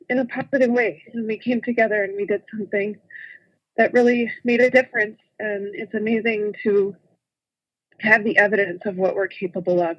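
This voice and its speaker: Hesitant woman calling in on a muffled line. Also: on the high side. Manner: hesitant, full of um pauses. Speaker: caller. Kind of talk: call-in question.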